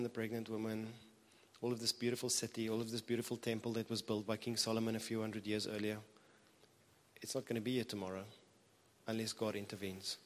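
A man preaching a sermon in a conversational, earnest way, with animated bursts of emphasis. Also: medium pitch. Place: church hall. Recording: reverberant hall.

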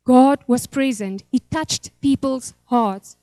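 A woman's voice: high-pitched, slow pace, mellow, no room sound. A woman, a pastor's wife, telling an emotional, rambling church testimony. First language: Afrikaans.

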